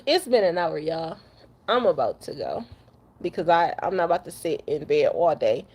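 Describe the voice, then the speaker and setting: A woman's voice: fairly low pitch, sing-song, a little slow, a little mellow, breathy edge. A young woman from Detroit, a truck driver, venting bluntly to camera after crying, cussing and repeating herself. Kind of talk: emotional rant to camera.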